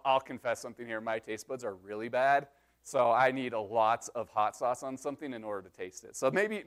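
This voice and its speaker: A man with a notably high voice preaches to his congregation. He teaches through a psalm point by point and breaks it up with light joking asides. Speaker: pastor. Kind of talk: sermon.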